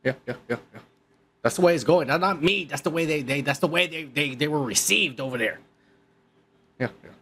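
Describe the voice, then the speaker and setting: A man's voice: a little high, fairly quick, pushed and bright, a little hiss or hum. A male podcast host ranting in crude, heated commentary, swearing and repeating himself.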